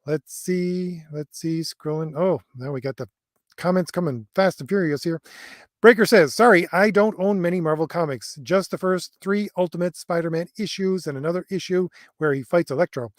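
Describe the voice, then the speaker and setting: A man's voice: sits high, moderate pace, no room sound, studio quality. A middle-aged man hosting a livestream, reading viewer comments aloud in a rambling way, with many fillers and chuckles. He says his voice has always been heard as an old man's. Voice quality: voice that others hear as an old man's. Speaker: host.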